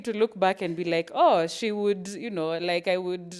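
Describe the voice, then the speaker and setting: At a parents' event, a woman with a fairly low voice speaks at a moderate pace about parenting in a candid, reflective talk. She's frank and animated, acting out little scenes and laughing as she goes.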